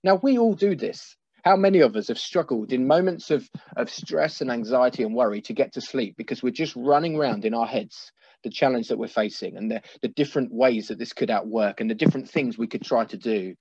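A man preaching a sermon as a pastor, earnest and pastoral, slowing down to stress his points. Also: mid-range voice, darkish tone, husky, no room sound, muffled recording. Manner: earnest, pastoral, slows for emphasis.

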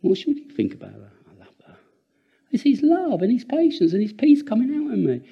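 An older man delivers a sermon in a high voice. His pitch swings widely as he preaches. He is earnest and animated, repeats words, and breaks into laughing asides. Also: fairly quick, gravelly, breathy edge, muffled recording.

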